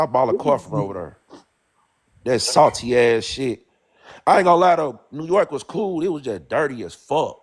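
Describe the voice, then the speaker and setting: A man's voice: medium pitch, lively intonation, moderate pace, slightly rough. Insistent man with a St. Louis accent. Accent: St. Louis African American English. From St. Louis, USA. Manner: insistent, repetitive, peppers lines with "bro". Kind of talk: heated casual debate.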